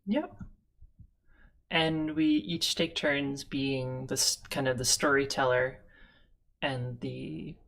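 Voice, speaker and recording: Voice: mid-range voice, slow, vocal fry, long pauses, a bit bright. A host of a streamed tabletop game show, chatting casually and rambling with frequent laughs, from a home setup with two monitors. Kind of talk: casual chat on a live stream.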